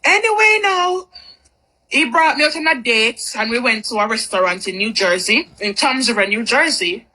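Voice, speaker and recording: A woman telling a personal story in a casual storytime video, animated and fond of repeating phrases for emphasis. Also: on the high side, normal speed, poor audio.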